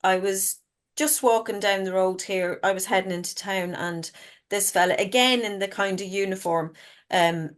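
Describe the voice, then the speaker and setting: A woman's voice: mid-range voice, moderate pace. A middle-aged woman, a guest author telling stories frankly in casual chat and swearing freely. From Ireland.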